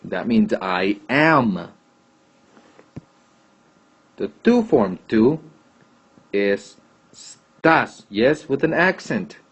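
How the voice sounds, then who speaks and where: A man teaches a Spanish grammar lesson in a mid-range, sing-song, husky voice, speaking extremely slowly with long pauses. He patiently repeats material and checks answers aloud while explaining grammar in class. The recording is dull and lo-fi.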